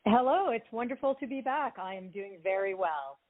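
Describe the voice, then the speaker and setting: French Canadian woman author, native French speaker, measured and easygoing, on a tinny phone line. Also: a little high, lively intonation. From Ottawa, Canada. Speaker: author guest. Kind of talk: casual radio interview.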